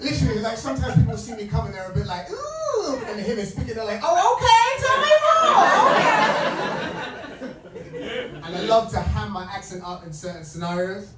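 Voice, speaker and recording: A man from England doing a live stand-up set, excitable and laughing often as he works the crowd. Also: high voice, rapid-fire, few pauses. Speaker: stand-up comedian. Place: comedy club stage. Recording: roomy club recording from a distance, with loud crowd. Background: loud laughing audience.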